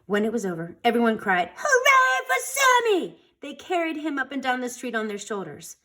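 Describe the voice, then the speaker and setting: A woman reading a children's storybook aloud, dramatic and expressive. Her fairly high voice rises and falls in a lively way, stretching some words and rushing others. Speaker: storytime reader.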